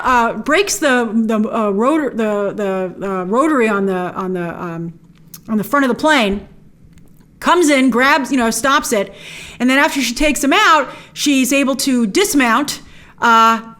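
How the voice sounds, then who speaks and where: Excited woman breaking down an episode. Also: on the high side. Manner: enthusiastic, narrating scenes with playful quotes. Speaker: host.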